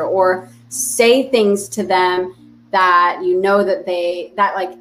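A woman's voice: on the low side, steady tone, slow pace, fairly bright tone, slight background noise. Chatty woman therapist, podcast guest. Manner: chatty, many fillers and restarts. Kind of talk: casual podcast interview.

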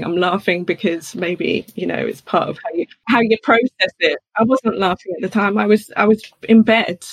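Gravelly-voiced woman, candid. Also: mid-range voice, moderate pace, few pauses. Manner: open, chatty, laughs while telling hard things. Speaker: guest. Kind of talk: candid personal interview.

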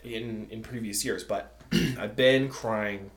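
A man co-hosting a casual podcast, speaking openly and haltingly about personal feelings, often restarting and laughing between thoughts. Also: fairly low pitch, steady tone, reverberant. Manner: open, searching, restarts often, laughs while talking. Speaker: podcast co-host. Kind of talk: casual chat.

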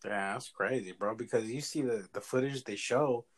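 A man's voice: mid-range voice, normal speed. A man with a mid-range voice who talks bluntly and swears freely in casual chat. He leans hard on his points. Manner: blunt, profane, emphatic. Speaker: podcast co-host.

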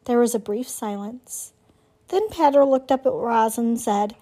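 A woman reading a children's novel aloud as narrator, in clear, steady storytelling. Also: fairly high pitch, measured pace.

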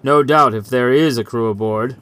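A man voicing an older male lighthouse chief who speaks in a calm, dry, matter-of-fact way. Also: medium pitch, normal speed, a little hiss or hum, close to an everyday voice. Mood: sober.

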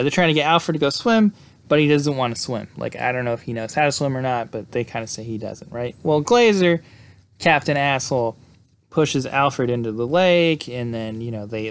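A man casually retelling a film's plot in a loose, rambling way, full of fillers and quick laughs. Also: medium pitch. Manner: rambling, lots of "like" and "uh", laughs often. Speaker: podcast host recapping a film. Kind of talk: casual movie recap.

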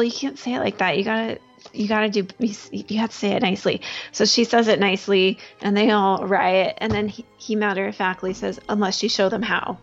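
Exasperated young woman, lo-fi sound. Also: medium pitch. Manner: exasperated, quick to agree. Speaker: podcast co-host. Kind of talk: casual chat reviewing a TV episode.

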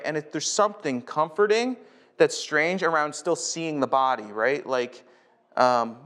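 A man's voice: on the high side, a bit bright. Conversational male pastor preaching a sermon. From North America.

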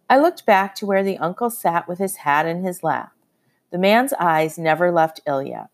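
A woman with a fairly low voice narrates a story in the first person. Her delivery is measured and expressive, like an audiobook reading.

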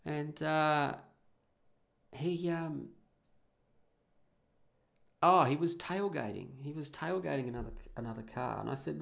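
Middle-aged male storyteller; gravelly, emphatic, sweary, blunt casual delivery. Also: fairly high pitch, a little slow, pauses often, a bit bright. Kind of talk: casual anecdote to an audience.

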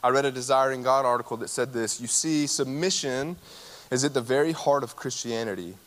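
Animated preacher man in a reverberant hall. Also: medium pitch, fairly quick. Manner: conversational, animated storytelling preacher. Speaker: campus ministry speaker. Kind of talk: sermon with personal story.

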